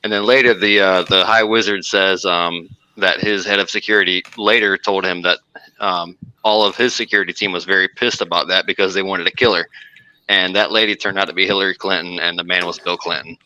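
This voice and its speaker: A man's voice: deep voice, steady tone, fairly quick, bright, forceful tone, smooth, poor audio. A man telling a long story on a casual podcast, rambling with lots of fillers and restarts. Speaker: podcast co-host.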